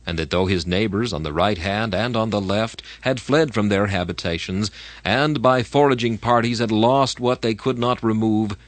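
Guy with a lowish voice reading an old religious text aloud, pitch swinging around a lot, dry close sound. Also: no room sound. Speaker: reader.

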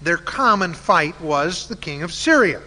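A man's voice: sits high, lively intonation, measured pace, pushed and bright. A man telling a Bible story in a sermon, conversational and full of uh fillers. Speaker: Bible teacher. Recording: long hall reverb.

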